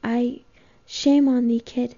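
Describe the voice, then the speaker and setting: A woman reading the lines of a gentle, confused old Quaker woman in a storybook reading, with old-fashioned speech. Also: fairly high pitch, little pitch movement, slow pace, gravelly, full character voice. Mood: frightened. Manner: soft, old-fashioned thee-and-thou speech. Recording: dull lo-fi home recording.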